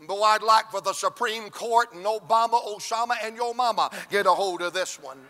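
A man preaching, his voice pitched very high and ringing bright. He drives his sermon with shouted, repeated calls. The delivery rolls in rhythmic runs. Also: normal speed.

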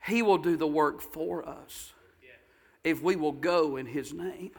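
A man preaching a sermon, telling a story in a folksy way and rising to fervent shouted exhortation. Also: a little high, unhurried, vocal fry. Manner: folksy, builds to shouting fervor.

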